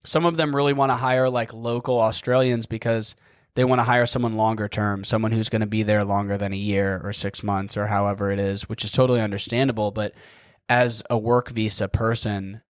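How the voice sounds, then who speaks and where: A man's voice: on the low side, level tone, brisk, clear, resonant tone, no room sound, studio quality. A young man hosting a podcast, telling a story in a rambling casual way, full of "like" and casual swearing. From United States. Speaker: podcast host.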